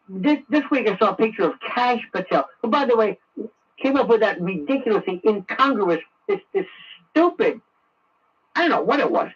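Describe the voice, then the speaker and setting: A man's voice: extremely high pitch, fairly bright tone, husky. A man giving a sarcastic, ranting talk radio monologue. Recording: muffled radio broadcast, distant.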